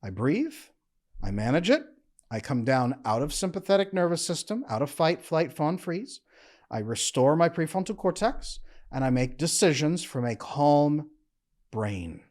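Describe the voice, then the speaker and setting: A man giving a motivational talk as a relationship coach, speaking in calm, measured, emphatic short phrases. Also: a little high.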